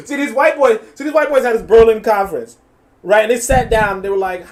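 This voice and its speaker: Animated New York man cursing. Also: high voice, fast talker, a little hiss or hum. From USA. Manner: animated, profane, laughing asides. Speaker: reaction streamer. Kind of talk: live reaction commentary.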